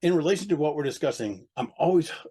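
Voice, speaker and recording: A man's voice: fairly high pitch, expressive, fast talker, mellow, breathy edge. A man giving a casual interview as a record label owner, blunt and profane, with mocking asides. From United States.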